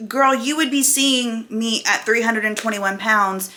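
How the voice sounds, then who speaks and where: Woman in her 40s vlogging straight to camera, bright crisp voice, keeps firing off rhetorical questions. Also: on the high side, steady tone, takes it slowly, a little hiss or hum. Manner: emphatic, full of rhetorical questions. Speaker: weight loss vlogger. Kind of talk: candid talk to camera.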